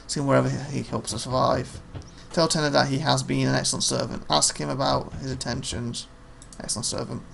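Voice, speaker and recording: A man playing a story game, reading its text aloud plainly with quick offhand comments. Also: mid-range voice, level tone, creaky, fairly bright tone, a little hiss or hum. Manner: reads narration plainly, quick offhand asides. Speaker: let's play host.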